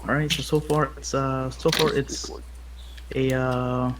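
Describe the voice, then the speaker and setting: A woman's voice: extremely low pitch, flat delivery, a little slow, noisy background. A woman as game master, easygoing, wrapping up the session and tallying votes.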